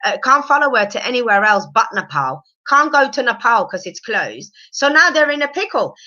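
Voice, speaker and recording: A woman recapping a reality show on a casual live stream, animated and opinionated, rambling with fillers. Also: on the high side, moderate pace, muffled recording.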